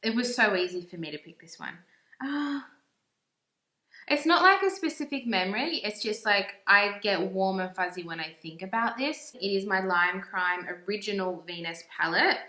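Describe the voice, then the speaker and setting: A woman's voice: mid-range voice, moderate pace, few pauses, sharp tone. A young woman, chatting in a gushing, casual way as she reviews makeup in a vlog. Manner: gushing and chatty, with frequent "like" fillers. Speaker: beauty vlogger. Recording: echoey room.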